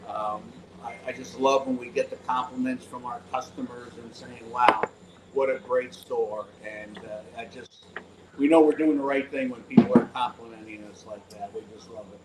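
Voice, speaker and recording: A man with an average-pitched voice describes his store, halting and pausing often as he talks. His voice rings in an echoey room, with clear noise in the background. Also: fairly even intonation. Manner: halting, with many "uh" pauses. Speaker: store owner.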